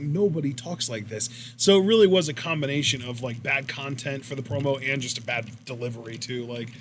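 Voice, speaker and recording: A man's voice: mid-range voice, slight background noise. A man co-hosting a wrestling podcast in casual commentary, rambling and swearing as he retells matches. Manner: rambling, profane, animated retelling.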